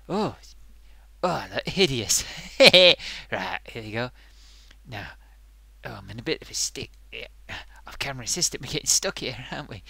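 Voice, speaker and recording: A man voicing an excitable male sock puppet who hosts a comic makeup review, gushing and bumbling. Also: a little high, vocal fry, no echo, exaggerated voice. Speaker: host.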